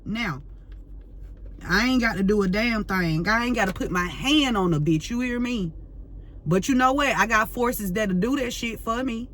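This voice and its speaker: A woman's voice: a little high, normal speed, fairly bright tone, a little hiss or hum. A woman tarot reader ranting to camera, fiery and profane, full of slang and repeating herself as she vents. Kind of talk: heated unscripted rant to camera.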